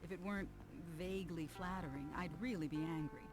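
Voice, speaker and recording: A woman voicing a cool, disdainful young woman in a video game, speaking in a measured way. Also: on the low side, music in the background, close to an everyday voice. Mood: stern.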